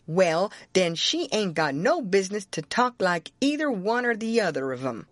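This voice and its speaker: A woman's voice: medium pitch, sing-song, moderate pace, no echo, clean studio sound, lightly acted. A woman voicing a stubborn, argumentative grown runaway man in a heavy rural Southern dialect, in an audiobook. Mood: indignant. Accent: Southern American.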